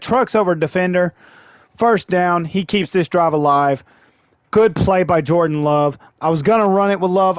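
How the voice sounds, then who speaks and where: A man narrates his own football video game in a fairly high voice, audibly frustrated and sighing between plays. His voice is wearing thin from long talking. The recording is close and dry. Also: dry recording. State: losing his voice. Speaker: gaming channel host. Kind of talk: live gameplay commentary.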